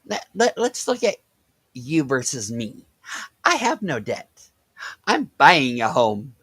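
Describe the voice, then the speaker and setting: A man rants on his vlog with lively, swooping sarcasm, drawing out his words at a slow, deliberate pace. His voice is bright and forward. The sound is dry and close. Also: mid-range voice, husky, no room sound. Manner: animated, sarcastic, laughs at his critic. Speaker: vlogger. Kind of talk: mocking rant.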